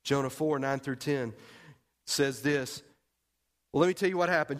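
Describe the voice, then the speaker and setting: A male pastor preaching a sermon, telling the story animatedly and swinging between loud and hushed delivery. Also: medium pitch, normal speed, pauses often.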